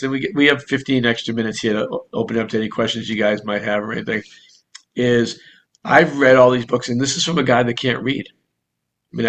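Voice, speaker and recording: A man with a Boston accent, a real estate broker and coach giving an energetic, rambling casual talk to an online group. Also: medium pitch. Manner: energetic, rapid, rambling with restarts.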